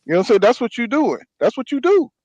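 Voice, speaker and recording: Man, high voice, heated boxing rant, slangy, dry close sound. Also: very animated, quick pace, darkish tone, no echo, dull audio. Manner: ranting, repeats "you know what I'm saying". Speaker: podcast host. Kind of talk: heated casual boxing talk.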